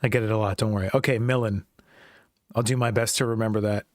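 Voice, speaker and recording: A man's voice: fairly low pitch, fairly even intonation, rapid-fire, dry recording, studio quality. A man hosting a livestream to announce contest winners, hesitant and self-conscious, with lots of ums. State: nervous, dry mouth. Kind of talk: casual livestream chat.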